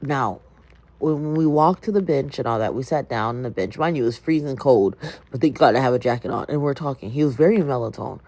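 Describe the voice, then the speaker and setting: A woman's voice: rumbling low, a little fast, darkish tone. A woman hosting a livestream, chatting animatedly and telling her viewers a story. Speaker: livestream host.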